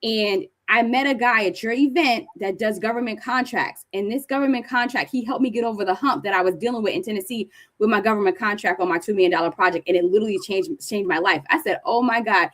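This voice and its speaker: Fast-talking high-energy woman presenter. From New Jersey. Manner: high-energy, animated storytelling. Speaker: speaker presenting to an audience. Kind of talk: conference presentation.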